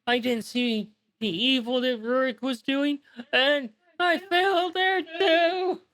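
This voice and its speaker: Grief-stricken female dragon voiced by a woman: high, wailing, begging forgiveness, slow delivery. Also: fairly even intonation, fairly bright tone. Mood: despairing. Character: grieving ten-foot female dragon, guilt-stricken and sobbing.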